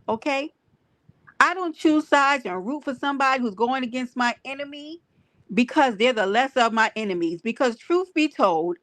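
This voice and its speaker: A woman hosting a livestream, greeting her chat and ranting in an animated, profane, emphatic way. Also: on the high side, dry recording. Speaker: livestream host. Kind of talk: livestream rant and viewer chat.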